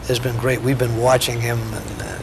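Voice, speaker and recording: Gravelly older man, halting speech. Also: mid-range voice, flat delivery, background noise. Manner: halting, repeats words. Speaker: longtime friend of the guest. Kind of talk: casual chat. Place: local TV studio.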